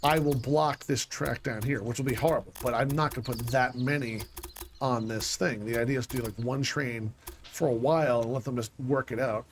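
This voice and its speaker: Here a let's play gamer talks himself through his plans in casual, disjointed commentary, annoyed and swearing mildly. His mid-range voice is steady and brisk, with slight background noise.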